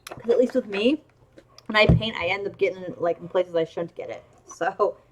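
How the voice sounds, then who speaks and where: A woman's voice: mid-range voice, normal speed, slight background noise. A woman streamer chatting casually while she draws, rambling along with lots of ums and restarts. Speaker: streamer drawing emotes. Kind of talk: casual chat while drawing.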